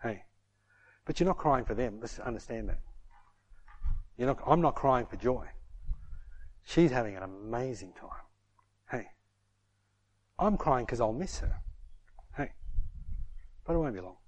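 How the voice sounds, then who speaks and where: A man's voice: medium pitch, lively intonation, unhurried, pauses often, darkish tone. Middle-aged man, pastor, sermon, emphatic, repeats "hey".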